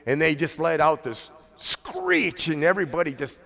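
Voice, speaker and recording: A man preaching a sermon in a relaxed, conversational way, his voice sitting a little high for a man. He acts out the voices of the people he quotes. The sound rings with long reverb from a church hall. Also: normal speed, creaky. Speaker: pastor.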